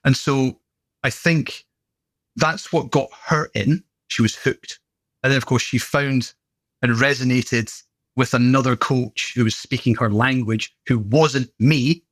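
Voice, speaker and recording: A middle-aged British man, a gym owner appearing as a podcast guest, chats casually and tells stories with an animated flair, slipping into playful put-on voices. His voice is mid-range and a little slow, and the recording is dry.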